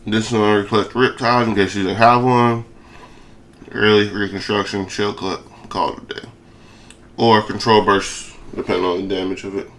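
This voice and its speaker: This young gaming creator's casual gameplay commentary is hyped and slangy, slurred, lisped and full of repeated phrases. He speaks at a moderate pace in a lowish, somewhat bright voice with little pitch movement, and there is slight background noise.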